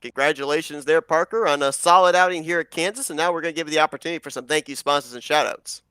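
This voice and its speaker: Man, race commentator, bright tone, dry booth sound, interviewing drivers. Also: fairly high pitch, fast, dry recording. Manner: smooth, upbeat broadcaster patter.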